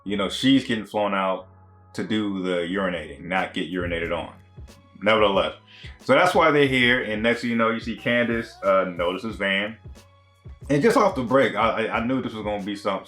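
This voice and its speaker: Casting note: a man with a lowish voice doing a loose, slangy TV review, faint music underneath. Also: a bit bright. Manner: rambling and conversational, with many fillers and slang. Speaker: TV show reviewer. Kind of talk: casual recap commentary.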